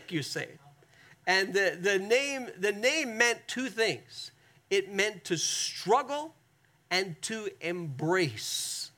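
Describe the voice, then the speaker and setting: A man's voice: high-pitched, bright, forceful tone. A man preaching a sermon as pastor, reading scripture dramatically and talking conversationally to his congregation. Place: church, streamed online.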